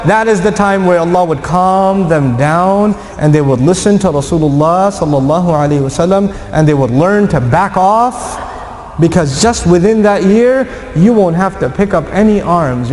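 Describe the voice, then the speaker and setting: A man preaching and telling a story to an audience, lively, acting out the voices of the people in it. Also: fairly high pitch. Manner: animated, acts out quoted voices. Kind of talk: lecture storytelling. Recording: echoey hall.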